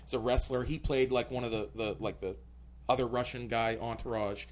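A man's voice: mid-range voice, fairly even intonation, a little fast. Rambling man telling a story. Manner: rambling, full of filler words. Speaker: comedian guest. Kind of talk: casual podcast storytelling.

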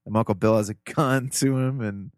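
A man's voice: lowish voice, fairly even intonation, brisk, dry recording, clean studio sound. A man from Ohio, a podcast guest, telling family stories in a loose, earnest, rambling way. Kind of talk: casual interview storytelling.

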